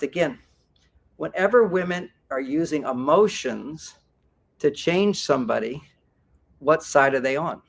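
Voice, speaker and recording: A man giving a seminar talk to a live audience as a workshop speaker, animated and acting out example dialogues. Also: a little high.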